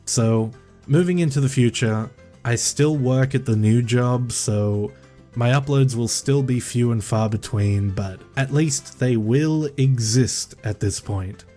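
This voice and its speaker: A man who hosts a creepypasta reading channel, chatting casually and then narrating a horror story in a relaxed, self-deprecating way. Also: mid-range voice, unhurried, soft background music.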